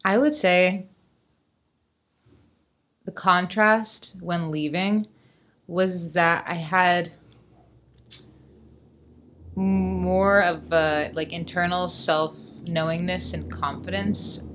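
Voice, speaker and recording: A woman's voice: fairly low pitch, fairly even intonation, very slow, long pauses, fairly bright tone. A woman in her twenties, a guest musician, chatting casually and thoughtfully in an interview, often saying "like" and "whatnot.". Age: 20s. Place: Los Angeles.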